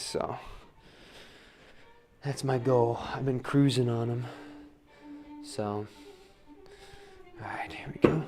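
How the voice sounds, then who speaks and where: A man demonstrating wheel throwing on a livestream, talking casually, counting his pulls aloud and asking "right?" a lot. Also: medium pitch. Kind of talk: live-streamed pottery demo. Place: pottery studio at the wheel.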